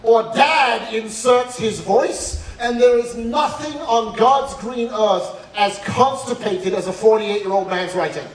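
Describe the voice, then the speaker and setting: A man speaking on college admissions at a school night, telling animated, humorous stories at an unhurried pace with a fairly high voice. He sounds far from the microphone in an echoey hall, with faint noise behind him. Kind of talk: talk to students and parents.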